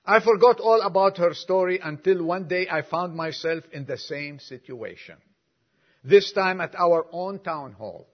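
Older guy preaching, chatty asides, slightly high husky voice. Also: unhurried. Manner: folksy, asides to the congregation. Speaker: pastor. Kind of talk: sermon with a read-aloud story. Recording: dull lo-fi recording.

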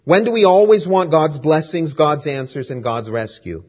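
A man's voice: fairly high pitch, normal speed, husky. A man preaching a sermon in an emphatic, rhetorical way, driving points home with repetition. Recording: dull lo-fi recording.

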